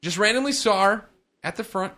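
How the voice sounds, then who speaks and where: A man's voice: high voice, brisk, bright, forceful tone, pitched above the performer's own voice. A man voicing an Australian male listener reading out his email, with a put-on Australian accent. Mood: excited.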